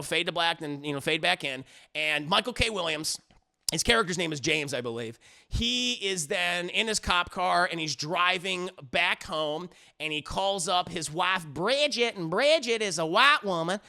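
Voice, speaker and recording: A man's voice: sits high, vocal fry, sharp tone. A man reviewing music in a casual, rambling recap, swearing freely and acting out the lines he describes. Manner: rambling, profane, acts out the lines.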